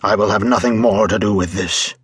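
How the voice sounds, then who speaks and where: A man's voice: on the low side, steady tone, brisk, a bit bright, husky, no room sound, studio quality. A man doing a tense, indignant father. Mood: tense protest. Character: grieving father opposing the mob's execution.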